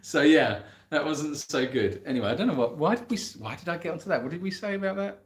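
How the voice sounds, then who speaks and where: An Englishman with a fairly high, animated voice talks a little fast as he hosts a casual live Q&A for an animal sanctuary. He rambles and laughs at himself while reading out viewer messages, and the room gives off a noticeable echo.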